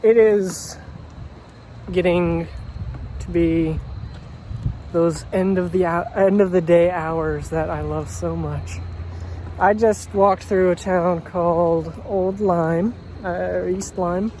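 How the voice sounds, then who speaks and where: A man's voice: high-pitched, fairly even intonation, slow, mellow, rough recording. A man talking in a casual, wry and self-mocking way while walking outdoors for a vlog. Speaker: walking vlogger. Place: outdoors by a road. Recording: outdoor traffic noise.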